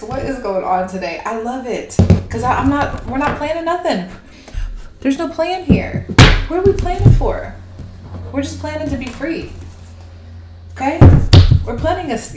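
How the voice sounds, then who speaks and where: Woman reading tarot, fired up and rambly, voice a bit high, roomy echo, faint hiss behind. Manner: animated, excitable, rambling, laughs often. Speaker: tarot reader. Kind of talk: casual spiritual monologue. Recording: echoey room with faint noise.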